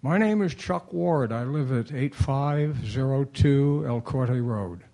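A man's voice: medium pitch, animated, slow, creaky, warm tone. A man giving a formal, earnest public comment at a city council meeting. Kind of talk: prepared public comment speech.

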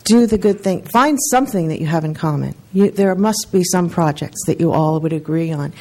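A woman's voice: sits low, brisk, mellow. A middle-aged woman, the outgoing mayor, giving an earnest, heartfelt farewell speech in a council chamber. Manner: heartfelt, earnest, close to tears.

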